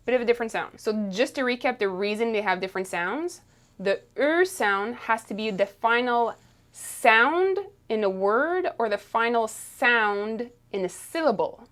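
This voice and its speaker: A woman teaching French pronunciation, explaining patiently and checking in with "okay?" after each point. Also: mid-range voice. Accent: Canadian French. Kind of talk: pronunciation lesson.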